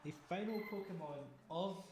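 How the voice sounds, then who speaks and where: A man casually commenting on his own game playthrough, chatty and thinking out loud about each move. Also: high voice, normal speed. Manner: chatty, thinks aloud over choices. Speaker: gaming channel host. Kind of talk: casual let's-play commentary. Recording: game music underneath. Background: game music.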